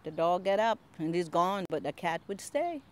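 A woman's voice: on the low side, moderate pace, a little hiss or hum. An older woman and longtime community gardener, telling stories in a casual interview and acting out the voices she quotes, recorded outdoors in a garden. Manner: animated storyteller, acts out quoted voices.

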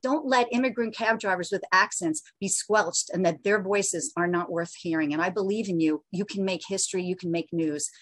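A woman's voice: lowish voice, normal speed, hardly any pauses, dry recording. A woman giving earnest, pleading testimony at a remote council hearing over a video call. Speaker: public testifier. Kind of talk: impassioned public testimony.

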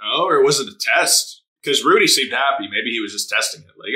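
A man reacting casually to an anime episode, excitable and laughing often, with a lot of swearing and quick put-on voices for the characters. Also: mid-range voice.

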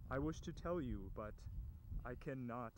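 Slow solemn young man, secretive. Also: medium pitch, animated, noisy background. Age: young adult. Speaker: anonymous interviewee. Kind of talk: mock dramatic testimony.

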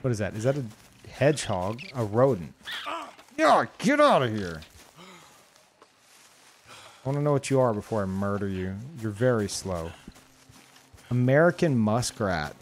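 A man's voice: fairly low pitch, big pitch swings, a little slow, long pauses, slight background noise. A young man streaming a game live, reacting with swearing and exclamations and talking to his chat. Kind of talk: live gameplay commentary.

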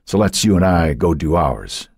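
A man's voice: low-pitched, lively intonation, normal speed, darkish tone, husky, dry recording, studio quality, exaggerated voice. A man voicing a bitter, world-weary male investigator in an audiobook. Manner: bitter, curt.

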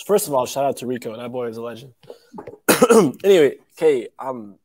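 A man's voice: mid-range voice, lively intonation, normal speed, no echo. A male caller with a mid-range voice speaks frankly and emphatically. The sound is dry and close.

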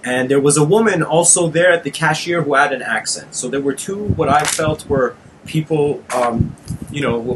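A man hosting his channel, telling a personal story in an animated monologue, addressing listeners as "guys" and getting heated and intense. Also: fairly high pitch, noisy background. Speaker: channel host giving a lecture.

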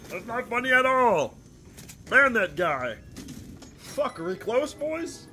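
A male streamer putting on a nasal, strained frog puppet voice while gaming, yelping and squeaking. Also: very animated, takes it slowly, bright, forceful tone, slight background noise, heavily acted. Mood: strained, frantic.

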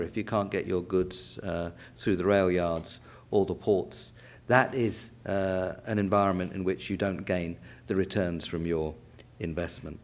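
A man in his sixties with a West London accent speaks in a fairly low voice. He lectures deliberately, restating key phrases and pausing on fillers as he explains. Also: darkish tone. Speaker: panel chair. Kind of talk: academic lecture. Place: lecture theatre.

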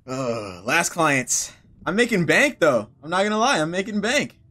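A man's voice: on the high side, sing-song, normal speed, sharp tone. A young man, a gaming streamer, chatting and thinking aloud as he plays a game. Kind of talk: let's play commentary.

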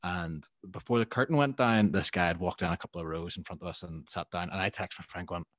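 A man, a guest musician telling animated anecdotes in a casual podcast chat, laughing often. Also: deep voice, fast talker, dry recording.

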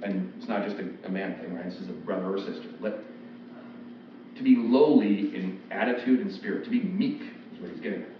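A man's voice: sits low, fairly quick, slight background noise. A man preaching an expository sermon in a loose, conversational way, acting out quoted voices. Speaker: pastor. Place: church sanctuary. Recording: echoey, distant, dull church recording.

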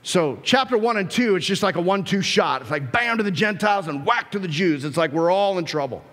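A male pastor preaching a sermon, animated and emphatic, sometimes acting out the voices of his listeners. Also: sits high, a little fast, in a large hall. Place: church sanctuary.

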